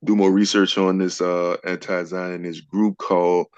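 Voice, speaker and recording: A man's voice: sits low, level tone, unhurried, smooth, dry recording, lo-fi sound. A man with a New Orleans accent taking part in a casual book discussion group, earnest and self-deprecating.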